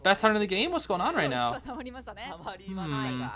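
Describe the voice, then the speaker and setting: A man streaming live game commentary on a tournament match, excitable and chatty, thinking aloud and breaking into laughter. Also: high voice, unhurried, soft background music.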